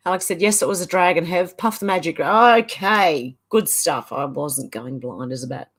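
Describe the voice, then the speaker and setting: Low-pitched and at a moderate pace, a middle-aged woman from Ireland chats through a casual livestream. She laughs often and gives the viewer comments she reads aloud a sing-song lilt.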